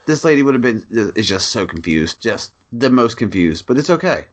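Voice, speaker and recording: A man co-hosting a podcast, telling an animated story in casual chat and acting out a phone call, swearing freely. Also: mid-range voice, moderate pace. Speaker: podcast co-host.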